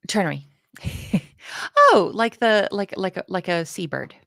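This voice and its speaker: A woman chatting casually through a coding lesson, self-deprecating and quick to laugh. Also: mid-range voice, creaky, fairly bright tone, clear, resonant tone. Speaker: co-host learning to code. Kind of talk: casual live coding chat.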